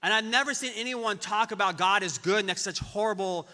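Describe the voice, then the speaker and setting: A middle-aged man's fairly high, very bright voice carries through a big church hall with a long reverb. He tells a personal tribute in stops and restarts. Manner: halting storytelling with many restarts. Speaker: friend giving a memorial tribute. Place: large church auditorium.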